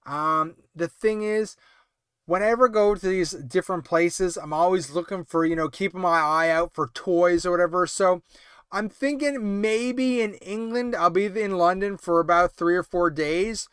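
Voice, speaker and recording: A man's voice: high voice, normal speed, a bit bright, smooth, dry recording, clean studio sound. A tired man hosting a late-night livestream about toy collecting, chatting casually and rambling with lots of fillers and restarts.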